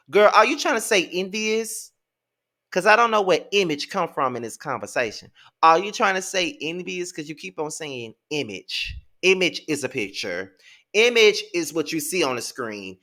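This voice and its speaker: A man in his thirties with a Mississippi Southern accent, recapping a reality show in a sassy, profane, animated way. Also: on the high side, moderate pace. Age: 30s. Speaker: TV show reviewer. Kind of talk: casual recap commentary.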